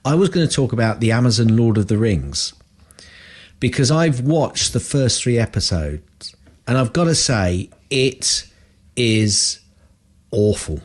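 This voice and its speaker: A man's voice: mid-range voice, animated, unhurried. A man co-hosting a podcast in casual chat, blunt and grumbling, repeating himself for emphasis. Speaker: podcast co-host.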